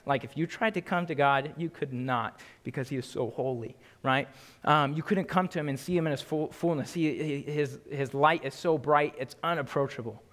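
Casual preacher in an echoing hall. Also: male voice, a little high, normal speed, a bit bright. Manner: casual and emphatic, often asks "right?". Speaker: pastor teaching a Bible study. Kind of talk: conversational Bible teaching. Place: church sanctuary. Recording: long hall reverb.

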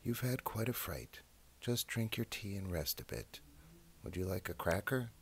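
A man voicing a kindly, calm male rat neighbor in a read-aloud storybook, in a gentle, soothing, slightly raised voice. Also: deep voice, moderate pace, vocal fry, a little hiss or hum, pitched above the performer's own voice.

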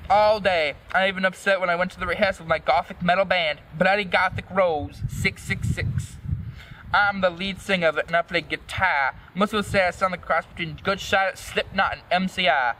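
A man hosting a comedic dramatic reading, adding deadpan, mock-serious conspiracy asides. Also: sits high, fairly quick, far from the mic, slight background noise, poor audio. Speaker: host.

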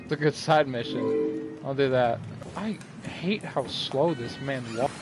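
A man's voice: mid-range voice, a little slow, over music. A young man streaming a video game, joking and talking back to the characters on screen. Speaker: gaming streamer. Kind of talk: let's play commentary.

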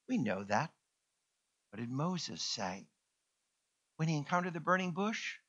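Pastor guy preaching, high bright voice, kinda muffled recording. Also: very animated, unhurried, long pauses. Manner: preaching with rising proclamations and call-and-response. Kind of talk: sermon.

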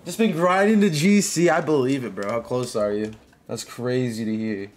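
A man streaming a game live, chatting casually with viewers, greeting them by name and reacting out loud to plays. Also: mid-range voice, moderate pace, faint music behind.

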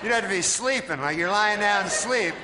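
Rambling deadpan man, studio crowd laughing. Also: high-pitched, brisk, background noise. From Canada. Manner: deadpan, rambling with many fillers. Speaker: stand-up comedian. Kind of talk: stand-up comedy set. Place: TV studio stage.

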